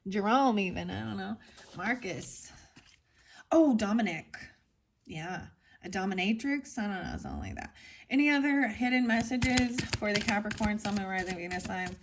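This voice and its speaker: A woman's voice: mid-range voice, very animated, normal speed, slight background noise. A woman giving a casual tarot reading to her viewers, rambling and frank, going off on tangents. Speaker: tarot reader.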